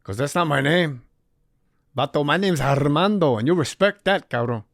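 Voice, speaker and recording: A man's voice: on the high side, expressive, normal speed, vocal fry, no room sound, clean studio sound. A man putting on a tough young male gangbanger, scolding and slangy. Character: tough young male gangbanger, rehab roommate, touchy about his name.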